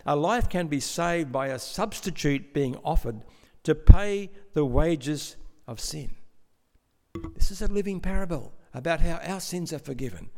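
A man preaching a sermon in a measured, explanatory way, with some stammering restarts. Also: a little high. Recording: long hall reverb.

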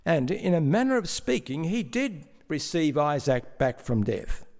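Male preacher, fairly high voice, steady explaining sermon, some stammered restarts, big echoey church hall. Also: a little slow. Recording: long hall reverb.

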